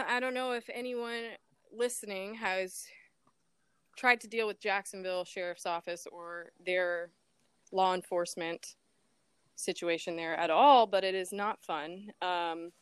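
A woman telling an interviewer about her missing mother, animated and emotional, acting out the voices from phone calls and laughing nervously at times. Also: medium pitch, measured pace, clear, resonant tone, no echo. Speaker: guest, daughter of a missing woman. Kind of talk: emotional personal account in an interview.

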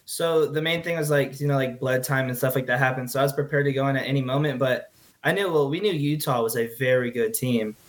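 A young man, a rugby player, answering interview questions in an earnest, halting way. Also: medium pitch. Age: young adult. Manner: earnest, halting, repeats words. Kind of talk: casual interview.

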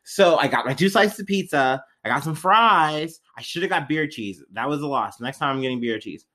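A man's voice: fairly high pitch, lively intonation, normal speed, pushed and bright. A man in his twenties hosting a podcast in casual, slangy chat, rambling through tangents and laughing often. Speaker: podcast co-host.

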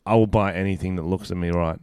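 A man's voice: deep voice, steady tone, quick pace, a little mellow, smooth, no room sound, studio quality. A man co-hosting a casual podcast, joking and laughing often as he reads magazine headlines aloud. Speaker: podcast co-host.

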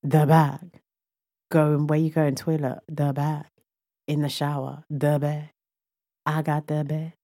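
A woman's voice: low-pitched, flat delivery, slow pace, long pauses, warm tone. A young woman co-hosting a podcast in casual chat, talkative, laughing often and stretching words for emphasis. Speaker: podcast co-host.

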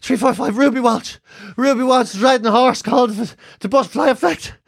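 A man's voice: very high voice, a little fast, creaky, heavily acted. A man with an Irish accent voicing his breathless, dramatic elderly mother, a wheezy and fussy gambler. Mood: flustered. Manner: fussy, rambling, puffing between words.

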